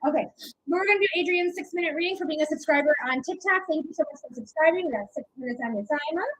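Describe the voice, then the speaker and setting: Brief: young woman, high voice, chatty livestream reader, affectionate, lots of "okay?" and "um". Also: quick pace, a bit bright, poor audio. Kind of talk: casual livestream chat, reading comments.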